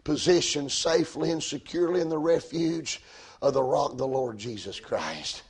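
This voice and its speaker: Husky preacher man. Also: a little high, normal speed. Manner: folksy, swings from hushed to shouting. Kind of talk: sermon.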